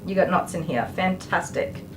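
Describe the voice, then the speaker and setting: A woman's voice: fairly low pitch, normal speed, very noisy. An Australian woman working as a dog groomer on a live stream. She jokes with viewers and soothes the dog with baby talk.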